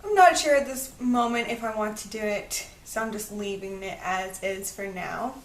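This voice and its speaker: A woman's voice: medium pitch, moderate pace, distant mic. A woman in her twenties chatting in a bubbly, upbeat way for a casual home vlog update. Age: 20s. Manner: bubbly and chatty, heavy use of "super duper". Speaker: vlogger. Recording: roomy, away from the mic.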